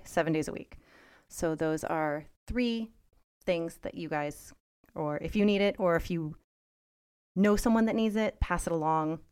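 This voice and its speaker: A woman's voice: low voice, darkish tone. A woman co-hosting a casual podcast chat, speaking earnestly and encouragingly, close to tears at times. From United States. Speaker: podcast co-host.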